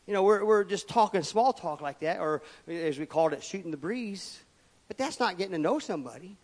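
A man, preaching a sermon as pastor, emphatic and swinging between loud declarations and quiet asides. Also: high voice, expressive, brisk. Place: church sanctuary. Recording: long reverb of a church hall.

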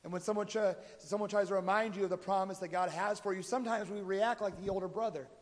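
A man preaching a sermon, moving between quiet pleading and loud exhortation. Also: high voice, steady tone, fast. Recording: long hall reverb.

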